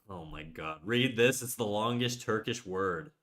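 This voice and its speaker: A man's voice: on the low side, animated, measured pace, fairly bright tone. Casual Québécois man chatting on stream. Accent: Québécois French. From Quebec, Canada. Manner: rambling, self-mocking, switches between French and English. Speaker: livestreaming artist. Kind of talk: casual livestream chat.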